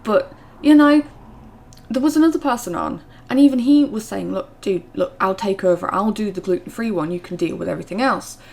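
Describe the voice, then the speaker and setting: A woman's voice: medium pitch, fairly quick, vocal fry, a little mellow. A young woman, chatting through a storytime vlog with lots of fillers, her voice rising when she gets indignant. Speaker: vlogger.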